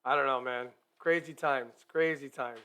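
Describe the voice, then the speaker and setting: A man's voice: medium pitch, fairly even intonation, moderate pace, sharp tone, clean tone. A man hosting a hockey talk live stream, chatty and upbeat, talking straight to his viewers. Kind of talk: casual live-stream chat.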